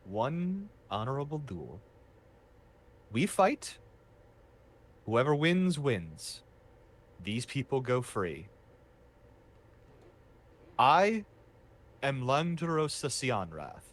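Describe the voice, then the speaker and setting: A man voicing a proud, honorable male half-dragon warlord who speaks slowly and formally. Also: mid-range voice, very animated, full character voice. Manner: slow, formal, commanding.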